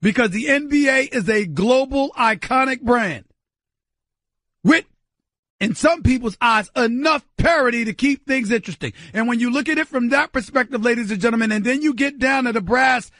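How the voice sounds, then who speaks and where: A middle-aged man with a New York accent delivering an emphatic, repetitive sports talk show monologue, addressing listeners as ladies and gentlemen. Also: extremely high pitch, moderate pace, no room sound, clean studio sound. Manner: emphatic, repetitive, preacher-like bursts.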